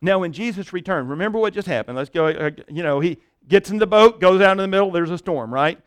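Animated pastor preaching a sermon. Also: male voice, high voice, quick pace, clean tone, dry recording, studio quality. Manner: animated storytelling, dropping to a hush for tender moments; repeats words and restarts while thinking aloud.

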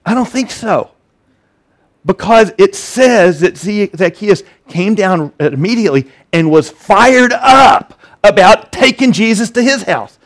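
A high-voiced male pastor preaching in a lively, conversational way. He acts out the voices in the story with animation, and he often stumbles and restarts his sentences. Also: a little slow. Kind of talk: sermon.

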